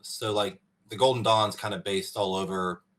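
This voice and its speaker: A man with a low voice talks easily as a podcast co-host. He explains ideas loosely and pads his sentences with fillers. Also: fairly even intonation, normal speed, a bit bright. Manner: easygoing, explanatory, filler-heavy. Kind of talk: casual podcast chat.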